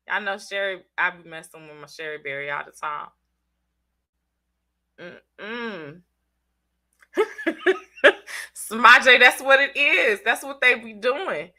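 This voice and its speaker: A woman with a Southern US accent hosts a casual live stream, her voice very bright and edged and sitting a little high. She sounds congested as she chats in loose slang and teases her viewers by name. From Southern United States. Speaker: channel host reading live chat.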